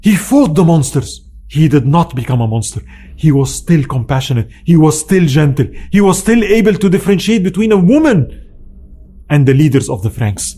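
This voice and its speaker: A man's voice: fairly high pitch, animated, normal speed, mellow. A man lecturing on history in an earnest, storytelling manner, stressing points by repeating them. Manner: earnest, emphatic, with repetition.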